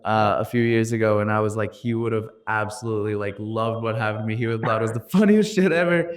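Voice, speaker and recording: A man, a startup founder guest telling animated, slang-heavy stories on a podcast. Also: fairly low pitch, quick pace. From USA. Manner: slangy, animated, laughing storyteller. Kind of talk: casual podcast storytelling.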